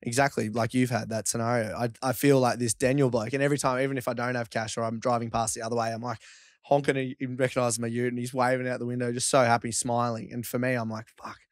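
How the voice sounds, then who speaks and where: A man's voice: medium pitch, flat delivery, quick pace, dry recording, clean studio sound. A young Australian man in his twenties, a podcast guest telling an earnest, heartfelt story in a casual way. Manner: earnest, affectionate storytelling with "mate". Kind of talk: casual chat.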